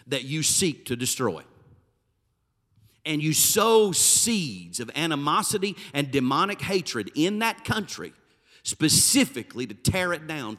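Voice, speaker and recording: A man preaching a sermon, swinging between loud emphatic bursts and low, dropped phrases. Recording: reverberant hall.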